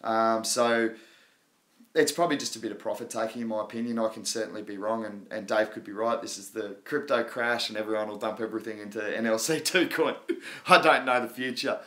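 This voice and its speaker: A man's voice: lowish voice, steady tone, fairly quick, fairly bright tone. A man hosting a live crypto chat stream, talking in a rambling, casual way and laughing often. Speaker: crypto livestream host.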